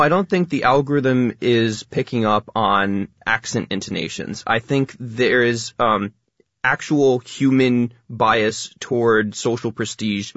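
A man talking quickly as a radio guest, explaining ideas at length in a casual way. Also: on the low side, fairly bright tone, no echo, dull audio. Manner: fast talker, explains at length.

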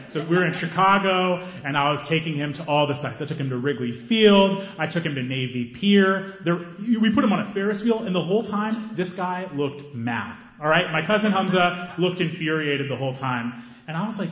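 A man performing a stand-up set on stage with a handheld mic, animated and acting out scenes, breaking into high excited yelps. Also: a little fast. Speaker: stand-up comedian. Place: comedy stage before a live audience. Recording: roomy, slightly dull live recording.

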